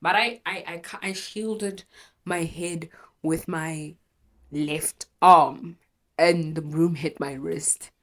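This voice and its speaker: A woman's voice: low-pitched, steady tone, slow pace. A young woman telling a painful personal story in a raw, emotional way, swearing and correcting herself, teary with a runny nose from crying. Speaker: storytelling vlogger.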